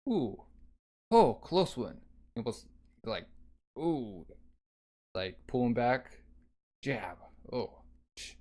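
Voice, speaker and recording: A man casually narrating a manga read-through, calling out the sound effects as he goes. He speaks at an unhurried pace and an average pitch. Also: very animated, a little mellow. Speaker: manga reader.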